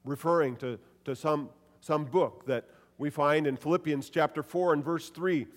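A pastor preaching a sermon to a congregation, animated, voicing quoted lines with shifts in pitch and loudness. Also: male voice, moderate pace, in a large hall.

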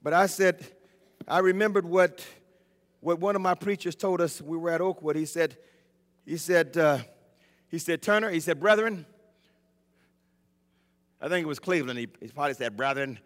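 A man preaching a sermon, telling the story dramatically and building up to shouted points. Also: a little high, moderate pace, long pauses. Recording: long reverb of a large hall.

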